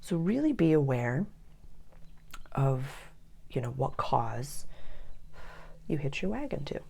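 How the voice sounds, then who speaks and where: Low gravelly woman giving an astrology reading. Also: very animated, slow pace. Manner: earnest, drops to soft near-whispers.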